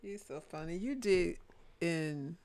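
A woman's voice: lowish voice, expressive, slow, a little mellow. A middle-aged woman, chatting and teasing her son about his childhood, laughing easily. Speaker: guest, mother of host. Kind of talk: casual chat.

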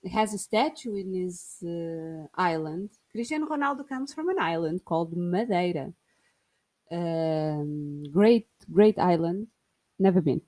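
A woman's voice: lowish voice, measured pace, a little mellow. A Portuguese woman with a Portuguese accent, whose first language is Portuguese, chatting alone to camera in a playful, joking way with frequent laughter. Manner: playful, jokey, laughs often. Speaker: vlogger. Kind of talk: casual solo monologue.

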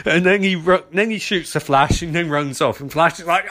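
A man recapping a TV episode in a casual, sarcastic way, jumping into quick mocking voices for the characters. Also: fairly high pitch, a bit bright. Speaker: TV episode reviewer.

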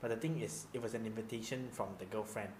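A man in his twenties with a Malaysian English accent, telling stories in a casual podcast chat, animated and laughing often. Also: fairly low pitch, fast talker. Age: 20s. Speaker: podcast co-host. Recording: echoey room, faint background noise.

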